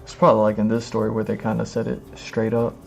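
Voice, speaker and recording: A man streaming live as he reads comics aloud, rambling and filling every pause with "like" and "you know what I mean". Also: fairly low pitch, monotone, creaky, soft background music. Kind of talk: casual live-stream commentary.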